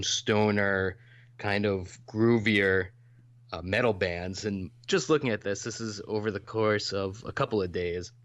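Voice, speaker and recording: A man's voice: on the low side, no echo, muffled recording. A man co-hosting a podcast in casual chat, talkative and explaining in long runs. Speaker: podcast co-host.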